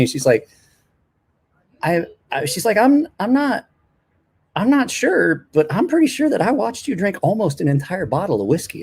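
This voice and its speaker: A man in his forties chatting casually on a late-night live stream, telling rambling stories with a self-deprecating streak. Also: fairly low pitch.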